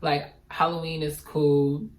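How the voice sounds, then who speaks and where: A man's voice: fairly high pitch, slow, poor audio. Young male vlogger, casual chat, slangy and theatrical. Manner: animated, slangy, dramatic.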